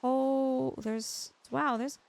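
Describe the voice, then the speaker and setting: A woman's voice: high voice, steady tone, drawn-out words, vocal fry. A young woman streaming a survival game live, chatting through her play and greeting viewers by name.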